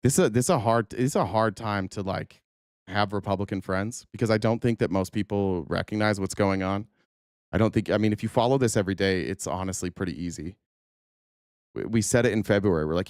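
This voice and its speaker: A man's voice: on the low side, a little fast, a little mellow, no echo, clean studio sound. A man hosting a political talk show, ranting angrily and swearing, choked up at times. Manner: angry, profane ranting. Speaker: podcast host. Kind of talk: political commentary.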